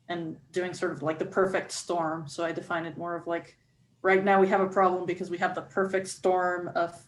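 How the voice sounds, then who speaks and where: A woman's voice: lowish voice, a little hiss or hum, poor audio. A woman faculty member speaking on a panel discussion, explaining at length with frequent restarts and fillers.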